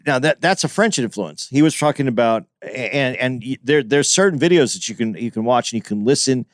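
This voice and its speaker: A man's voice: medium pitch, lively intonation, brisk, dry recording, clean studio sound. A man co-hosting a podcast in casual discussion, explaining his point at length and restarting sentences as he thinks it through. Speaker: podcast co-host.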